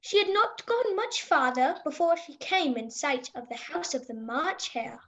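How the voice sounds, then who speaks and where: Gentle storybook narrator, woman, high voice, measured delivery. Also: lively intonation.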